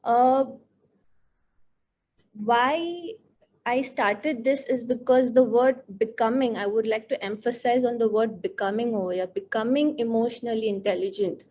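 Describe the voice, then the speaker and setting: This counselor speaks in a fairly high, slightly mellow voice at a measured pace, though the recording is muffled with a little background noise. Addressing teachers in a workshop, she sounds earnest and thoughtful, drawing out important words.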